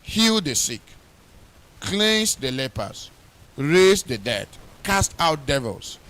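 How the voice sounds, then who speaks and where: A man's voice: a little high, sing-song, slow pace, fairly bright tone. A middle-aged man preaching at a pre-wedding church service, reading scripture aloud with rising emphasis, repeating words and using many fillers. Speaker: pastor. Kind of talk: wedding sermon.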